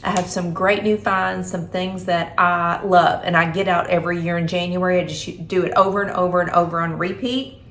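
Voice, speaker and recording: Her voice is lowish and fairly bright, with little pitch movement and normal speed. The middle-aged woman is vlogging from her kitchen, chatty and homey, snacking while she talks, in an echoey room with a little hiss or hum.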